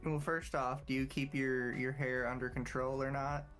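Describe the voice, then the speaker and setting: Man, mid-range voice, deadpan, crude jokes, casual gaming chat, faint music. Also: mid-range voice, normal speed. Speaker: stream guest.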